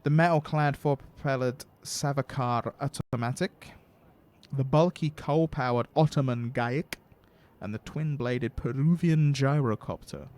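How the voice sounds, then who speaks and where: A man's voice: medium pitch, measured pace, darkish tone. A man hosting a game stream, reading the game's story text aloud and thinking aloud in casual asides. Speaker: streamer host.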